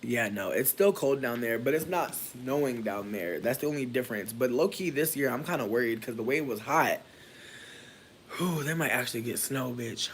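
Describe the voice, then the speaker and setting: A man from Michigan chatting casually with viewers while doing his hair, playful and profane, with sudden jumps into high squeals. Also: lively intonation, moderate pace, a little hiss or hum. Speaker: livestreamer.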